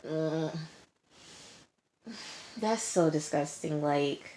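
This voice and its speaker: A low-pitched, slightly mellow female voice moves at normal speed through a casual reality TV recap. She stresses things emphatically, circles back to the same points, and peppers in "like" and "okay." Outside the room, sirens can be heard.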